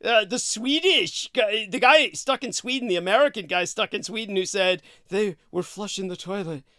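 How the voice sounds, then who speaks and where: A man's voice: sits high, moderate pace, bright, forceful tone, no room sound, studio quality. A man in casual chat, laughing often and teasing.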